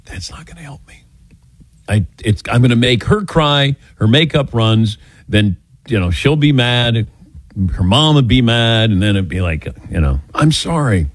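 Speaking into a studio mic at a measured pace, the middle-aged host of a call-in radio program trades jokes and spins animated stories with his co-hosts in a lively, casual chat. His voice is mid-range, and there's no room sound.

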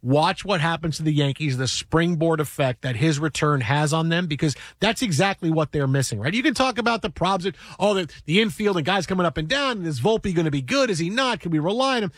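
A man hosting a sports radio show, talking fast in excited bursts and repeating his words, recorded in a studio. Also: fairly high pitch, no echo. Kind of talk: sports radio talk and storytelling.

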